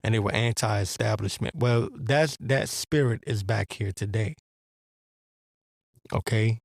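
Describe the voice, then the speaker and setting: A man's voice: fairly low pitch, a little slow, vocal fry, no room sound, clean studio sound. A man hosting a podcast, delivering a blunt, profane, rambling religious commentary with a preacher-like edge. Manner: rambling with restarts. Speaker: podcast host.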